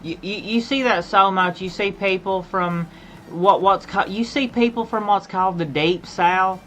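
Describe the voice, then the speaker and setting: A woman's voice: mid-range voice, measured pace, a bit bright, slight background noise, poor audio. A woman from Appalachia with an Appalachian accent, chatting casually on a gaming stream and rambling, often repeating and restarting her phrases.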